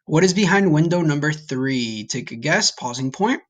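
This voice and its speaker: A man's voice: a little high, lively intonation, normal speed. Male teacher, recorded online lesson, patient, encouraging, checks in often. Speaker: Spanish teacher.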